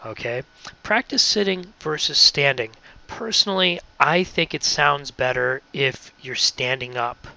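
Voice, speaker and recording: A man's voice: mid-range voice, measured pace, gravelly, pushed and bright, rough recording. A man leading a casual training talk for radio volunteers, friendly and often checking in with "okay?".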